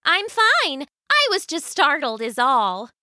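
Woman doing a cheery farmer wife, sweet, calm, bright voice, dry close mic. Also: high-pitched, takes it slowly, dry recording, pitched above the performer's own voice, heavily acted. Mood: cheerful. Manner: sweet, matter-of-fact.

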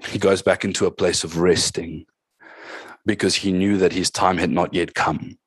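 A man's voice: sits low, steady tone, normal speed, husky, dry recording. A man preaching a sermon as pastor, with emphatic calls to the congregation and short passages in tongues.

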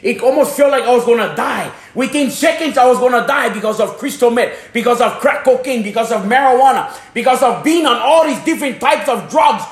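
Man, very high voice, from Hawaii, passionate preacher testimony, repeats himself, echoey room. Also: animated, a little fast, hardly any pauses. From Hana, Maui, Hawaii. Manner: fervent, repeats phrases, stumbles over words.

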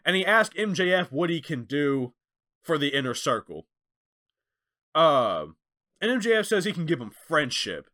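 A man co-hosting a casual chat who talks in an animated way and acts out quotes in different voices. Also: on the high side, normal speed, pauses often. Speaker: podcast co-host.

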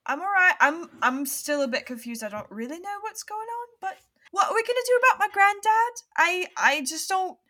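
A woman's voice: very high voice, expressive, moderate pace, sharp tone, voice pushed up, full character voice. A woman voicing a confused young girl who talks hesitantly. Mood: unsure. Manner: hesitant, unsure.

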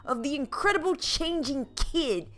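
A woman's voice: high-pitched, expressive, a little slow, a bit bright, faint music behind. A woman podcast host reading a children's book aloud, playful and adding comic asides. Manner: playful, laughs at her own asides.

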